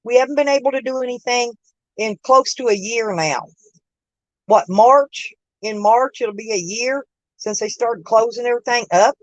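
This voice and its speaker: Chatting casually on her live stream, a woman laughs a lot and calls viewers by name, speaking at normal speed in a fairly high-pitched voice. The phone recording is low quality but has no room sound.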